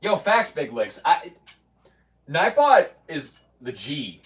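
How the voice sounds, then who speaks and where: Heard on a distant mic, this man's slightly bright, higher voice moves slowly with big pitch swings. Streaming from his basement gym, he rambles through casual chat with viewers, restarting sentences and mock-quoting what chatters say.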